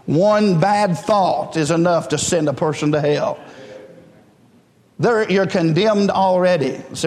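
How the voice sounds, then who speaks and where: A male pastor delivers a fervent sermon in a high, ringing voice. He calls out to the congregation and builds toward passionate peaks. His voice carries a long reverb through the church hall. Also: unhurried, darkish tone. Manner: fervent, preaching in a rising call-and-response style. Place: church sanctuary.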